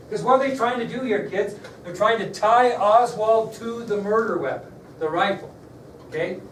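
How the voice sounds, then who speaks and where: A man's voice: high-pitched, moderate pace. A man teaching a history lesson to a class, telling the story in a conversational way and putting questions to his students. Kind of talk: classroom lecture. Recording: echoey room, mic far off, faint background noise.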